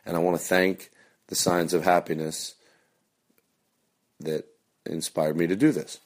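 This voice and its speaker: A man hosting a show, chatting casually in a soft-spoken, partly whispered way. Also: sits low, level tone, a little slow. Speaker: radio show host. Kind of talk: casual chat.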